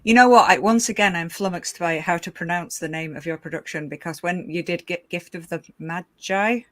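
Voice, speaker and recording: A young British woman hosting a livestream chat show, chatty and quick to giggle at herself. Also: on the low side, fairly bright tone. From Britain. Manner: chatty, giggly, self-mocking. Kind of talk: casual chat.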